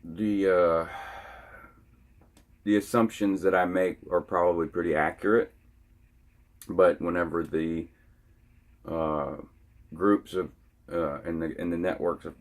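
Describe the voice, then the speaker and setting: Man, very deep voice, unhurried delivery, halting speech, casual vlog monologue. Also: fairly even intonation. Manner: halting, frequently restarting his sentences. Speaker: vlogger.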